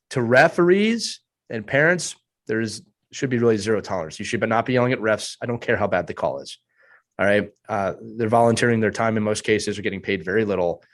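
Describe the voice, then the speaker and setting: A man hosting a hockey podcast in casual chat, making emphatic points and tagging them with "right?". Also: fairly low pitch. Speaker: podcast host.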